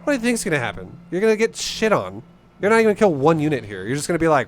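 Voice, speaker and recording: A man's voice: on the high side, big pitch swings, quick pace, slight background noise. A young man giving blunt, profane, rambling coaching on a game. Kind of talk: casual game coaching commentary.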